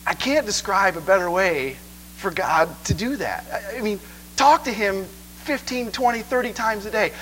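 A man preaching a sermon in an animated way, often checking in with listeners. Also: high-pitched, a little hiss or hum, poor audio. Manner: animated, asks the crowd 'okay?' a lot.

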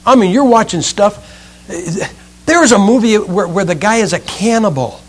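A man preaching a sermon, emphatic, swinging between loud outbursts and hushed lines. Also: sits high, expressive, normal speed.

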